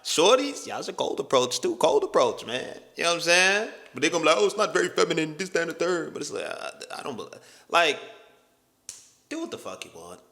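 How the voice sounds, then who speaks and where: A man's voice: on the high side, big pitch swings, fast, sharp tone. A young man hosting a casual chat, talking in loose slang with emphatic bursts. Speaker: host.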